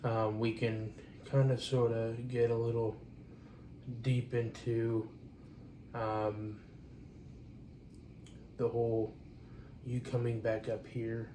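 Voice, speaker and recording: Flat-voiced man on a distant, echoey mic. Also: medium pitch. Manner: halting, frequent "um" restarts. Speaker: podcast co-host. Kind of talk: casual chat. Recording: roomy, distant mic with clear background noise.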